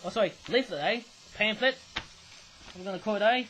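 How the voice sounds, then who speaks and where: A man's voice: high voice, fairly quick, fairly bright tone, a little hiss or hum, low-quality recording. A young man, rambling through a casual toy review and tagging his sentences with a questioning "eh?". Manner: rambling, ends phrases with a questioning "eh?".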